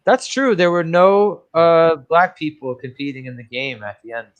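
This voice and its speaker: Higher-voiced sarcastic male co-host. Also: moderate pace, muffled recording. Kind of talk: casual movie-review chat.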